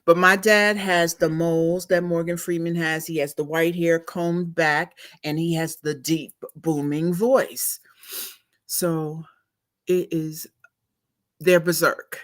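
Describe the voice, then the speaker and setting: A woman with a fairly low voice tells a story at an unhurried, drawn-out pace. She talks casually and chattily, laughing here and there like a host on a live stream. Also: level tone.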